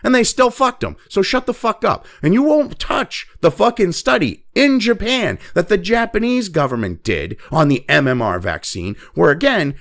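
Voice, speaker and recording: A man's voice: sits high, sing-song, normal speed, creaky, few pauses, fairly bright tone. Swearing, fired-up man ranting. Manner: angry, heavy swearing, mocking quoted voices. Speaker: commentary show host. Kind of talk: profane opinion rant.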